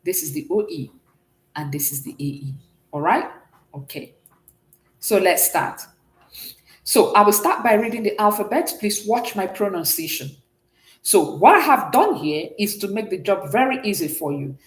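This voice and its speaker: A woman leads a beginners' French lesson. She talks patiently and keeps checking with her students, and her pitch rises and falls a lot. The sound carries a roomy echo. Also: animated, moderate pace. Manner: patient, repeats and checks understanding often. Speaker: French teacher. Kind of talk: classroom language lesson.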